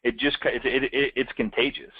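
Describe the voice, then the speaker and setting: A man co-hosting a casual business talk, telling lively stories and acting out little quoted voices. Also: medium pitch, a little fast, husky, no room sound. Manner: animated storyteller, acts out quotes. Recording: dull lo-fi, dry.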